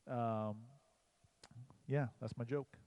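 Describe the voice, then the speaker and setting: A man's voice: medium pitch, fairly even intonation, slow, clean tone, dull audio. A man with a mid-range voice tells a hunting story and a joke on a church livestream, chatty and rambling. He leans on filler words as he goes. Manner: rambling, uses "like" often, chatty. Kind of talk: casual storytelling and joke-telling.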